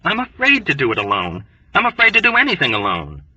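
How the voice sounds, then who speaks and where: Man voicing Dobbs, a rough quavering airman. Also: a little high, huge pitch swings, quick pace, sharp tone, dry recording, far from the mic, lo-fi sound, voice pushed up, exaggerated voice. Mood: agitated. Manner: rough, quavering, overwrought, pugnacious. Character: frantic sneezing young male airman, hotheaded. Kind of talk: audiobook character voice.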